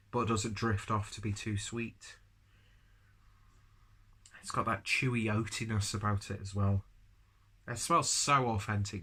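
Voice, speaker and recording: A man's voice: on the low side, pushed and bright. A man with a cold and a stuffy nose, reviewing a beer in a rambling, chatty, self-deprecating way. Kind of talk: casual review vlog.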